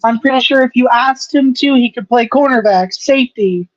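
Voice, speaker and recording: A woman's voice: a little high, moderate pace, slight background noise. A woman co-hosting a podcast, chatting casually and swearing freely as she calls out plays from a football game. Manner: profane, running play-by-play remarks. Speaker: podcast co-host. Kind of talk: casual chat while watching football. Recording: dry, dull lo-fi sound.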